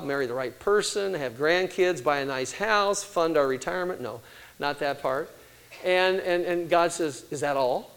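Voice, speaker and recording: Casting: older male preacher, slightly high voice, lively, story-driven sermon delivery. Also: rough recording. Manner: animated storytelling with quoted voices.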